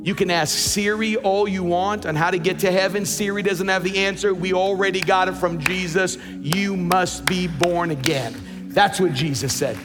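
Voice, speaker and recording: High-voiced emphatic male preacher. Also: moderate pace, in a large hall, over music. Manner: emphatic, repeats words when building up. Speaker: pastor. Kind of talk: sermon.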